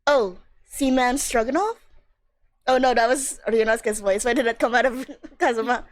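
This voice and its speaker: A woman's voice: a little high, moderate pace. A woman streamer chatting casually and playfully while reading a game, laughing often. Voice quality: giggly, playful.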